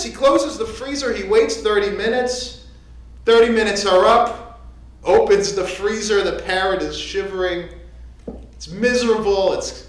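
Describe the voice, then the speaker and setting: Lively rabbi in an echoey sanctuary. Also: mid-range voice, normal speed. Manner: conversational, joking. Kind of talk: sermon. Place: synagogue sanctuary.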